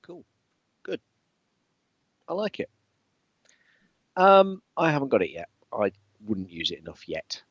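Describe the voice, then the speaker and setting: A man's voice: mid-range voice, wildly swooping pitch, unhurried, long pauses, no echo, dull audio. A man co-hosting a casual tech podcast, enthusiastic and hesitant with lots of fillers. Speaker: podcast co-host.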